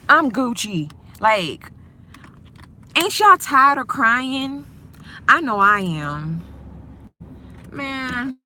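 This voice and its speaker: A woman's voice: fairly high pitch, sharp tone. A young woman chatting slangily and boastfully on a casual live phone video. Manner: slangy, chatty, self-hyping. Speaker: live-stream host. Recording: noisy with vehicle sounds behind.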